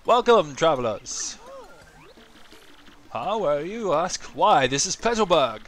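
A friendly, chatty turtle villager, as a man puts him on, in a slightly raised, welcoming game voice. He talks in a relaxed, helpful way. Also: fairly high pitch, takes it slowly, soft background music, voice pushed up, exaggerated voice.

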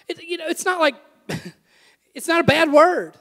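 A young adult man preaching a sermon, with animated repeated refrains and self-deprecating jokes. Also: extremely high pitch, a little slow, long pauses, long reverb tail. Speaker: pastor. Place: church sanctuary.

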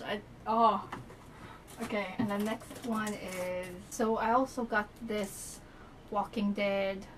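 A young woman talks to her camera in an excited unboxing vlog, gushing and breathless, with lots of filler words. Her voice sits at an ordinary middle pitch. A faint hiss of room noise lies behind her home recording. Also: rough recording. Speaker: YouTuber.

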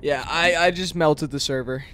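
A man hosting a live gameplay stream, excitable and joking, often yelling to his co-player. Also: fairly high pitch, normal speed, a little hiss or hum. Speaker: streamer host.

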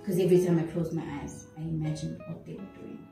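A young woman with a South African accent, telling her personal story in an interview, animated and switching in and out of isiZulu. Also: deep voice, fast talker, vocal fry. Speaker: interview guest. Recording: echoey room, voice from a distance, faint music.

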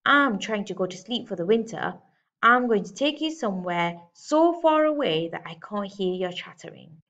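Woman doing a bossy grumbling storybook bear, cross and loud, lo-fi sound. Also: mid-range voice, animated, moderate pace. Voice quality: growling, grumbling. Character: grumpy, bossy male bear wanting sleep. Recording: slightly dull lo-fi recording.

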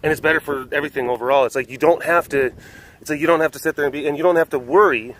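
A man's voice: on the high side, racing, fairly bright tone, slight background noise, poor audio. A young man, a big cat keeper hosting a vlog, chatting casually and rambling, sometimes cooing at animals. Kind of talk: casual chat. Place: outdoors at a rural animal facility.

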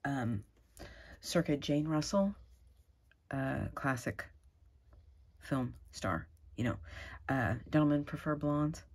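A middle-aged woman, chatting casually and gushing excitedly as she opens craft mail at home. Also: sits low, slow, pauses often, breathy edge. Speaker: crafting vlogger. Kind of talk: casual unboxing chat.

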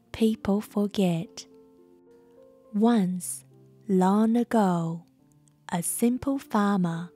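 Woman reading a bedtime fairytale super slowly, soft music behind. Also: medium pitch, slightly rough. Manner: very slow, gentle pacing. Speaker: storyteller. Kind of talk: slow bedtime story narration.

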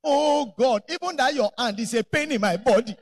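Man doing a whiny, dismissive angry wife, pitched up, in a sermon story. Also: normal speed, dry recording. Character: angry, sulking wife pushing her husband away.

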